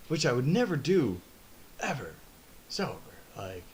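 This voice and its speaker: A man's voice: a little high, big pitch swings, slow, slight background noise. A young man hosting a podcast, telling a long story in casual chat, rambling and swearing, laughing at his own jokes.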